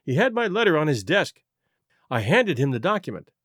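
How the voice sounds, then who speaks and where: Read by a man, a troubled young wife pours out her confession in an earnest, halting voice, her pitch rising and falling widely. The delivery sits slightly high for a man, and the sound is close and dry. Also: big pitch swings, fairly bright tone, slightly rough, no echo, heavily acted. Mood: anxious. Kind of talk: audiobook reading.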